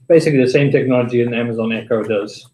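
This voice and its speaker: A man's voice: medium pitch, rapid-fire, dark tone. A man chatting and joking casually with others at a user group meeting. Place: meeting room. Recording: roomy meeting room, faint noise.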